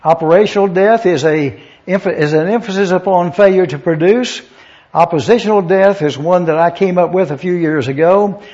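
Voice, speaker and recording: A man's voice: sits high, normal speed, a little mellow. A man preaching a methodical Bible lesson in a church, spelling out Greek words letter by letter. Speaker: pastor. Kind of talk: verse-by-verse Bible teaching. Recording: dull lo-fi recording.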